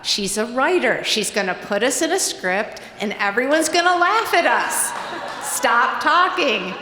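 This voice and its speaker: A woman voicing an exasperated young man scolding his girlfriend, sharp and raised, in a reverberant hall. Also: a little high, very animated, a little slow, heavily acted.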